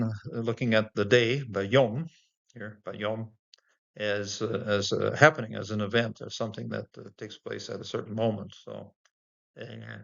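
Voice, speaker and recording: A man teaches Bible language in an easygoing, unscripted way, taking each phrase apart and pausing on fillers. His voice has a gravelly edge. The recording sounds muffled and lo-fi. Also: fairly low pitch, a bit bright. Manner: explains word by word with many fillers and chuckles. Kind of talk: informal Bible language lesson.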